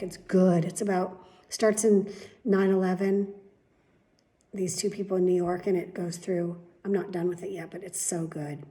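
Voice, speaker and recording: A middle-aged woman talks straight to her audience in a loose, rambling daily vlog, hopping from one thing to the next. Her voice is warm and mellow, sitting at an ordinary pitch for a woman. She is candid and chatty, with the occasional casual swear. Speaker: vlogger.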